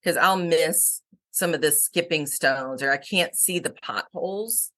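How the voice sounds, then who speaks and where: Bright-voiced energetic middle-aged woman. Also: low voice. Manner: fast, energetic storyteller. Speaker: guest, company founder. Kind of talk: casual podcast chat.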